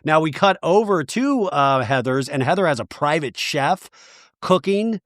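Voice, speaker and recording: A man's voice: fairly high pitch, lively intonation, measured pace, fairly bright tone, no echo, clean studio sound. A man hosting a podcast, giving a rambling, sarcastic, profane comedic recap of a TV episode. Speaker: podcast host.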